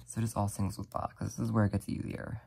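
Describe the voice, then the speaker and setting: Low-voiced craft tutor with a dark, gravelly tone, talking gently and apologetically through each step. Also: flat delivery, fast talker. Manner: soft-spoken, apologetic, talks while working with frequent "like" fillers. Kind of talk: casual step-by-step tutorial narration.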